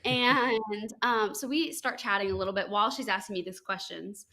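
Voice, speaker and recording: Young woman, from the US, podcast host, casual storytelling, rambling, lots of fillers. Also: moderate pace. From United States. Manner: chatty, animated quotes with high-pitched acted lines, frequent likes and ums.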